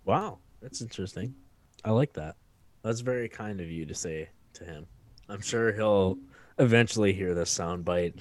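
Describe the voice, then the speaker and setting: A man's voice: on the low side, moderate pace, dry recording. A man co-hosting a casual sports podcast, arguing his takes with stats and the odd swear word. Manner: opinionated, swears freely, builds arguments with stats.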